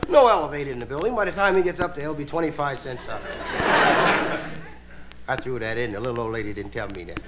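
A male stand-up comedian telling stories with a relaxed drawl and playful asides. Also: mid-range voice, quick pace, pauses often. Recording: hissy live album recording.

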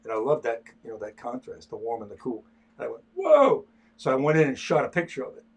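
Sketching during a livestream, this older artist keeps up casual chat in a mid-range, slightly rough voice. He speaks fast but haltingly, with lots of repeated words.

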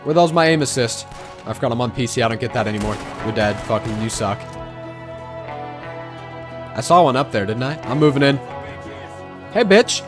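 Young male gaming streamer, profane and excitable, mid-range pitch, heavy trash talk. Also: brisk, pauses often, over music. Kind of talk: gameplay commentary.

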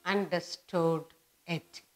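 Lady teaching grammar to beginners, super slow, says everything twice. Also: lowish voice, steady tone, a little mellow. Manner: repeats words and phrases slowly for emphasis.

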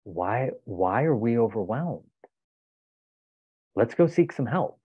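A man's voice: mid-range voice, sing-song, slow, husky, no room sound, full character voice. A man acting out an overwhelmed husband earnestly talking himself into opening up. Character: overwhelmed husband resolving to open up. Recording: tinny phone-like dry sound.

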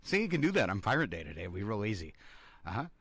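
A man's voice: lowish voice, wildly swooping pitch, rapid-fire, fairly bright tone, breathy edge, no room sound. A man hosting a morning radio show, rambling with lots of fillers and now and then slipping into a growled pirate voice. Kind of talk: casual radio talk. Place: radio studio. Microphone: studio microphone.

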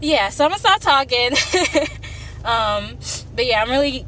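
A woman's voice: high voice, animated, a little slow, a bit bright, slight background noise. A young woman vlogging casually to her camera from her parked car, chatty and heartfelt with many ums and likes. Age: young adult. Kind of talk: casual vlog talk to camera. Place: parked car in a parking deck.

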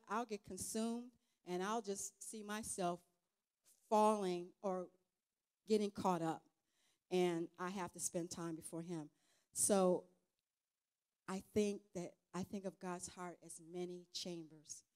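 A woman speaking as a guest at a church event, giving an informal testimony sermon in an earnest, halting, conversational way with many restarts. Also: mid-range voice, a little mellow.

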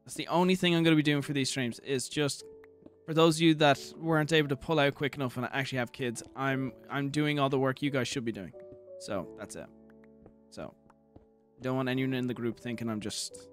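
A man's voice: mid-range voice, a little fast, faint music behind. A young man livestreaming a game, chatting casually, swearing and thanking viewers for donations. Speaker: streamer. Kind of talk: casual livestream chat while gaming.

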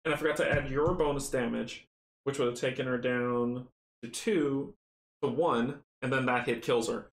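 Man, casual board game playthrough, excitable, counts rolls aloud, echoey room. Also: medium pitch, normal speed. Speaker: tabletop game runner and player. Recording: roomy echo, faint noise.

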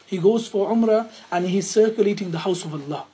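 Very husky man teaching a religious lesson. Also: high-pitched, brisk, mellow, poor audio. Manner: earnest, repeats phrases for emphasis. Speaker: Islamic teacher.

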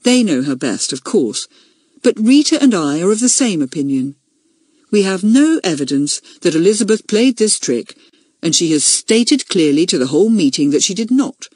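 A woman voicing a schoolboy who chairs a school meeting, firm and measured. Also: lowish voice, a little mellow, slightly rough, dry recording, studio quality.

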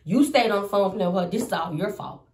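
Animated, foul-mouthed woman telling a story in an echoey room. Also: a little fast, recorded from a distance, slight background noise. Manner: animated, profane, swings between loud outbursts and low asides. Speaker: comedian telling a personal story. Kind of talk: casual storytime vlog.

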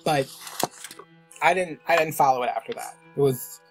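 Animated, rambling man telling a story. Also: on the high side, moderate pace, loud music behind the voice, poor audio. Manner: animated, gossipy, self-interrupting. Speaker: vlogger. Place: home, wrapping presents.

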